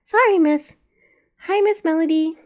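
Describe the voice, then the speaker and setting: A woman voicing a small, bold young girl fox kit with a high-pitched, yelling voice in a read-aloud story. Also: a little slow. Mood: chirpy.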